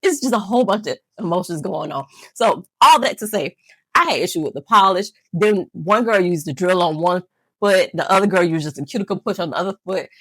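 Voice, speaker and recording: Woman, vlogger, casual storytelling, rambling, self-mocking, breathy, low-pitched. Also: fairly quick, fairly bright tone, no room sound. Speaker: nail channel vlogger.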